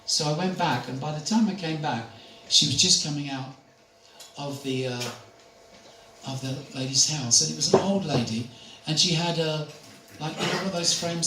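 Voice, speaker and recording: A man's voice: fairly high pitch, moderate pace, sharp tone. An older man giving a spiritual talk, chatty and anecdotal, who laughs often. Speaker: spiritual speaker. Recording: echoey room, distant mic, faint noise.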